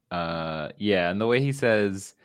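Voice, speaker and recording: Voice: low voice, dry recording, studio quality. A co-host of a TV recap podcast, chatting casually and reacting with short, repeated comments.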